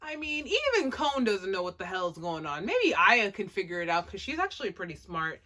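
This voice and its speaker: A woman casually recapping an anime episode, chatty and animated, with lots of "like" and laughing asides. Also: mid-range voice, normal speed. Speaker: anime reviewer.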